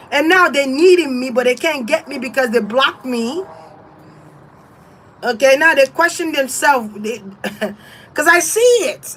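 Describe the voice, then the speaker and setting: A woman's voice: high voice, a bit bright, slight background noise. Blunt, profane woman tarot reader. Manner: blunt, profane and defiant, laughs often. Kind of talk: casual livestream rant.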